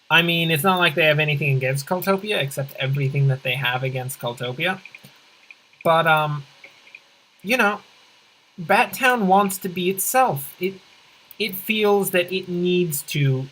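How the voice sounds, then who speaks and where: Let's play host, bright edgy tone, middling pitch; deadpan rambling jokester who backpedals mid-thought. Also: rough recording. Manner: rambling deadpan absurd humor, often correcting themself; swings in pitch and pace for comic emphasis. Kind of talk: casual gameplay commentary.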